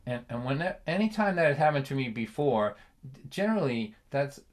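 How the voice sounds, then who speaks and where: A man telling a comic family story on a livestream, chatty and animated, laughing often and checking in with the listener. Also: medium pitch, normal speed.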